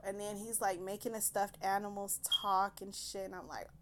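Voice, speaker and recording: A woman casually recounting a bad date in an animated, profane way, with laughs breaking into her telling. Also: mid-range voice, moderate pace, background noise. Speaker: storyteller. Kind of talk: casual storytime monologue.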